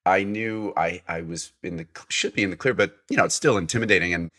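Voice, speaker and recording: A man sits in as a guest and tells a winding anecdote. His voice sits low but sounds bright and edged. He stumbles, restarts and slips into acted-out lines from the people he describes. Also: fast talker. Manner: rambling with restarts and acted-out quotes. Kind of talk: casual storytelling.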